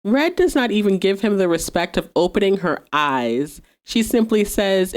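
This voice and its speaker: A woman's voice: mid-range voice, big pitch swings, moderate pace, few pauses. A woman hosting a podcast, casually recapping a TV episode, chatty and sassy, laughing often. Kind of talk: casual recap with quoted dialogue.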